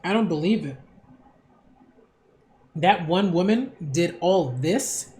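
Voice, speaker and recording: Casting: a man doing a casual manga read-along, excitable and slangy, taking his time. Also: fairly high pitch, takes it slowly, pauses often. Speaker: manga critic reading aloud.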